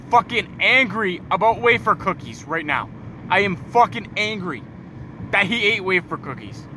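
A tired young man rants furiously and swears through a comic tirade, recorded in his car at night. His voice sits high and comes out bright and sharp. Faint road noise hums behind him. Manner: profane, exasperated ranting. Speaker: podcast host. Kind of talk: angry comic rant.

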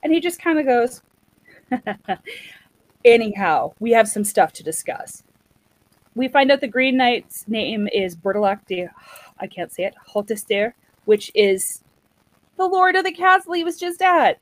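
A woman's voice: a little high, unhurried, dry recording, poor audio. Chatty woman retelling a story. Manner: chatty, animated, acts out quotes.

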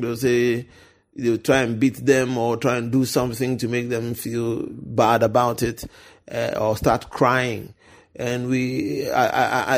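A man's voice: mid-range voice, darkish tone. Earnest man talking faith. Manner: earnest, searching for words, many restarts. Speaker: guest speaker. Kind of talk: conversational Christian teaching.

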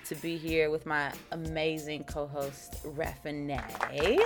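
A woman hosting her podcast in a casual chat, playful and animated, saying y'all. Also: low-pitched, measured pace, hardly any pauses, over music. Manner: animated, playful, says y'all, sings intros. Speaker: podcast host and founder.

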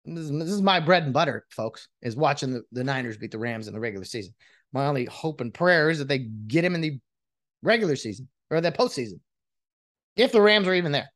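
Man, casual football rant, lively swooping pitch, exasperated, mocking. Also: brisk. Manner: exasperated, mocking, lots of restarts. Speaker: sports commentator venting as a fan.

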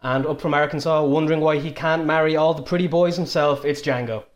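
A man's voice: on the high side, steady tone, brisk. A young Irish man hosting a casual podcast, joking and teasing his guests in a chatty way. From Ireland. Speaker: podcast host.

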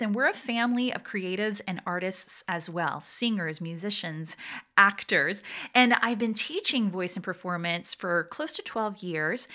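A middle-aged woman from Puerto Rico, raised in Georgia, hosting a podcast in a casual, animated way with frequent laughs. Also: medium pitch. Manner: warm, animated, laughs often. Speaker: podcast host, voice teacher.

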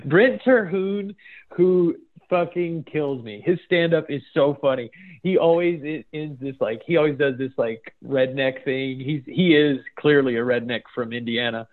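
A man's voice: fairly high pitch, unhurried. A man hosting a casual chat, reading funny posts aloud and laughing often. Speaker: podcast host. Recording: phone-like narrow sound.

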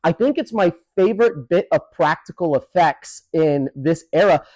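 Higher-voiced man, dry close sound. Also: animated, moderate pace, a little mellow, dry recording, poor audio. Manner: enthusiastic, detail-focused commentary. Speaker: podcast co-host. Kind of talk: casual chat.

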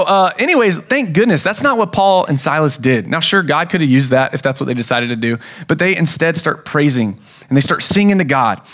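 Man, pastor, sermon, relaxed storytelling, slightly high voice. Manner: casual storytelling with acted-out quotes.

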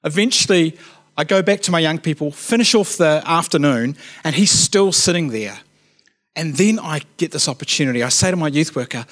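A man's voice: on the high side, a little fast. A man, a youth worker telling a story in a sermon, chatty and casual, with frequent asides of "you know what I mean". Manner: drops to a quiet, earnest tone at serious moments.

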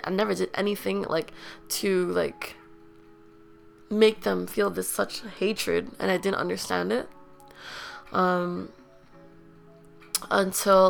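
A young woman telling her own painful story with deep vocal fry running through her speech. Her tone is bright and sharp. She sounds raw and blunt, leans on "like" constantly, and swears casually. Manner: raw, emotional, heavy use of "like" fillers. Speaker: podcast host. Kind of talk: candid personal storytelling.

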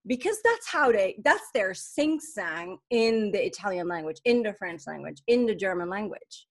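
A woman in casual conversation as a guest, talking in a lively way and often restarting her sentences. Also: medium pitch, moderate pace, few pauses.

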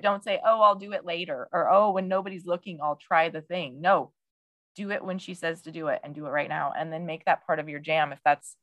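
A woman hosting a podcast interview, talking in an effusive, animated way. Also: low voice, no echo, muffled recording. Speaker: podcast host. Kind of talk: casual interview chat.

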